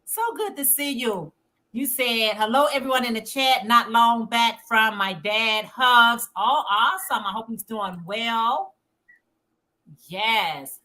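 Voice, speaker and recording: Chatty bright-voiced woman livestream host. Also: a little high, slow. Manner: reads chat messages aloud, chatty and informal. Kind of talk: casual chat reading viewer comments.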